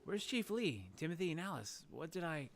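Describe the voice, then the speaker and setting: A man's voice: fairly high pitch, sing-song, brisk, creaky, fairly bright tone, a little hiss or hum, voice pushed up, heavily acted. A man voicing a young male game hero who is shaken and hesitant and asks unsure questions.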